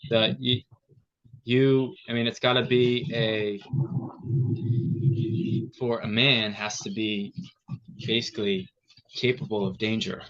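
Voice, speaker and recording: A man co-hosting a casual podcast chat, speaking in a halting way as he searches for words, in a dull lo-fi recording. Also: on the low side, level tone, a bit bright.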